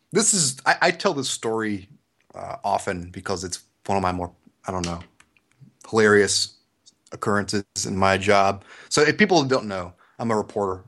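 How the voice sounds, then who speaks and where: A young man from the US South with a Southern accent, telling a story on a podcast and acting out the quotes. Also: on the low side. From Georgia, US South. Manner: animated storyteller, acts out quotes. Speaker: podcast host. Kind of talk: casual podcast chat.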